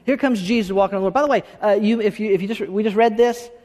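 Man, pastor, conversational sermon, high-pitched, long reverb. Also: very fast. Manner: animated, conversational preaching with frequent restarts.

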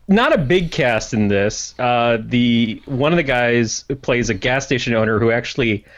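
A man hosting a relaxed movie chat, making dry jokes and restarting his sentences as he thinks. His voice is mid-pitched for a man. The recording is a bit dull. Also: a little slow. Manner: dry wisecracks, hesitant restarts. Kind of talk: casual chat.

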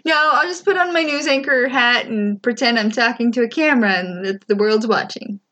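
A woman hosting a podcast, chatting casually about a TV show, laughing often and throwing in quick asides. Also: on the high side, fairly bright tone. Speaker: podcast host. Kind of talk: casual chat recapping a TV show.

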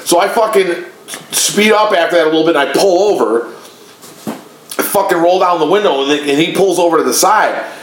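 Man, podcast co-host, fired-up profane storytelling, higher voice, roomy echo. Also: a little fast, a little hiss or hum. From Chicago area. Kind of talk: casual podcast chat. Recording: echoey room.

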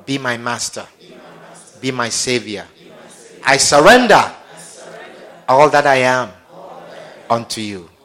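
A man preaching as a pastor, leading an altar call and a prayer in a slow, repetitive, pleading manner. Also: mid-range voice, a bit bright.

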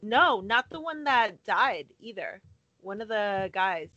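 A woman's voice: medium pitch, animated, slow, bright, forceful tone, dry recording, dull audio. Podcast co-host lady, hesitant, giggly, dry close sound. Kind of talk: casual comedic podcast chat.

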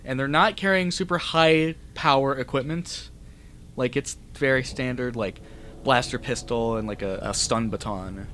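A man's voice: medium pitch, moderate pace, a bit bright, a little hiss or hum. A man running a tabletop game as game master, talking in a loose, easygoing way with plenty of fillers.

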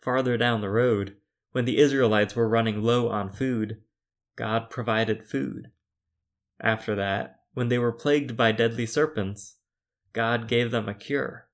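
A man preaching a sermon, retelling scripture in a deliberate, measured storytelling manner. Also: medium pitch, fairly even intonation.

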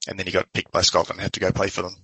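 A man with a low, gravelly voice that still has a bright, forceful edge banters as a quizmaster. The sound is dry and close. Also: monotone, rapid-fire, no room sound, rough recording. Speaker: podcast co-host. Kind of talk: casual sports chat.

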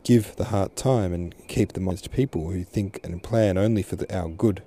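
A man reads as a composed mother who speaks gently and evenly. The voice stays low and dark, with a mellow warmth. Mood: soothing. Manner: soothing, measured.

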